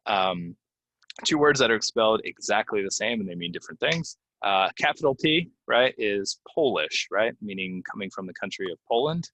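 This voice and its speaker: Low-voiced man teaching pronunciation. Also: animated, fairly bright tone, poor audio. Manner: casual, explains with many fillers and repeats words slowly. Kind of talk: relaxed video lesson. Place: Florida.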